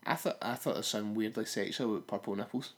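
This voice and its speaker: A man's voice: fairly low pitch, fast, crowd noise. A man co-hosting a podcast, chatting about a film in a wry, blunt manner. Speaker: podcast co-host. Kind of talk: casual film review chat.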